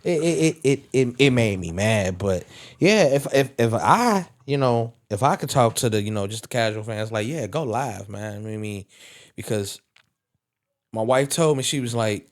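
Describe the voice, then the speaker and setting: A man on a wrestling podcast panel, chatting casually and telling animated stories, swearing freely as he goes. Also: fairly low pitch, normal speed. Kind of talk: casual chat.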